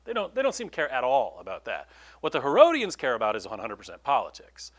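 A man preaching a sermon in a conversational, animated way, with quick asides to the congregation. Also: mid-range voice. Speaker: pastor.

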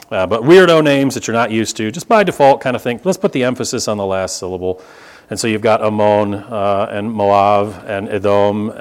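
A man from the United States preaching a conversational Bible sermon, explaining with casual asides and rising emphasis. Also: mid-range voice. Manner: conversational teaching with asides and humor. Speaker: pastor.

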